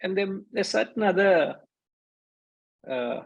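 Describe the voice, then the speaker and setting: A man's voice: high-pitched, lively intonation, slow pace, gravelly, slightly rough, poor audio. A man giving a conversational spiritual discourse as a teacher, briefly acting out the voices in his stories. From India.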